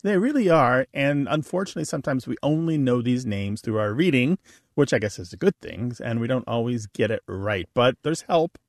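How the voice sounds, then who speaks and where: A man's voice: mid-range voice, animated, brisk, no room sound, studio quality. Man co-hosting a language radio show.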